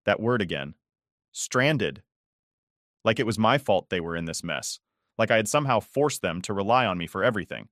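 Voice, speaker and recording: A man narrating a first-person online story in a measured, steady reading. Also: on the low side, no echo, clean studio sound.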